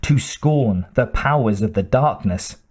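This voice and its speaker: A man narrating an audiobook in a measured, dramatic way with deliberate pauses. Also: medium pitch, lively intonation, darkish tone.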